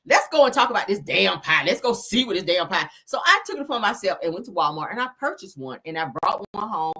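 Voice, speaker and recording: Loud, animated gossip host woman. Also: medium pitch, fast talker, husky. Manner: loud, profane, laughing, reads comments aloud. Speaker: livestream gossip host reading chat. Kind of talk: casual chat.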